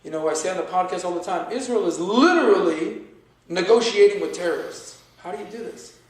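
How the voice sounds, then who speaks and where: A man telling stories as a podcast guest, animated and acting out the dialogue he recalls. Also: high voice, a little fast, distant mic. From United States. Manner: animated storyteller who acts out quoted dialogue. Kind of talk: storytelling in a conversational interview. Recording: very echoey room, voice away from the mic.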